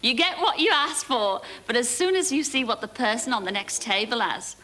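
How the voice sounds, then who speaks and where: A woman hosting a TV game show in a studio, teasing and joking with the contestants in lively banter. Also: a little high, moderate pace, poor audio. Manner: teasing, jokey, chatty. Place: TV studio with live audience. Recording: hissy old VHS TV recording. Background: loud studio audience.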